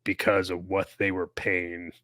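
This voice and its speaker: Man, retired soldier, podcast co-host, very low voice, laid-back, dry close mic. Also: flat delivery, unhurried, pushed and bright, no room sound. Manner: laid-back, repeats words while thinking. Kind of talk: casual chat.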